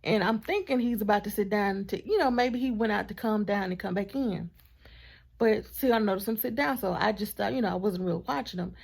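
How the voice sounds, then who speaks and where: A woman vlogger telling a storytime in a chatty, animated way, with asides to her partner off camera. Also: mid-range voice, a little fast, creaky, slightly rough. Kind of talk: casual storytime vlog.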